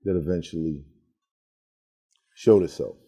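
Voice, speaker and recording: A man hosting an interview podcast, asking calm, probing questions. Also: sits low, a little slow, breathy edge. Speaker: podcast host.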